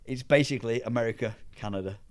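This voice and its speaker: A man's voice: mid-range voice, fast talker. Chatty middle-aged man telling stories. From England. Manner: rambling, animated anecdotes with restarts. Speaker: powerlifter guest. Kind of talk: casual storytelling chat.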